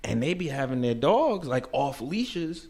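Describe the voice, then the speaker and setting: A man from Brooklyn talks with a New York accent. He is a podcast guest in a casual chat. He tells lively stories and laughs often. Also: medium pitch, unhurried. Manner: laughs often, animated storytelling.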